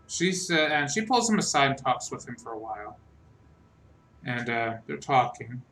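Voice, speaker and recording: A man narrating as game master of a tabletop game, halting and full of fillers. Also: mid-range voice, bright, forceful tone, faint music behind, poor audio. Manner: halting, lots of fillers and restarts.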